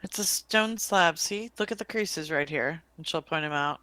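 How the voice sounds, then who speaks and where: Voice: mid-range voice, moderate pace, bright, forceful tone. A tabletop game player describing their character's actions in a chatty way, laughing often. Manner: chatty, laughing, many fillers. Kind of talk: casual tabletop play.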